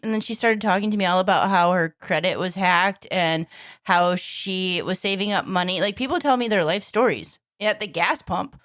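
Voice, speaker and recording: A woman co-hosting a podcast, chatting casually and bluntly and telling quick anecdotes. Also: on the low side, fairly bright tone, no echo, studio quality. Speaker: podcast co-host. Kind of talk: casual chat.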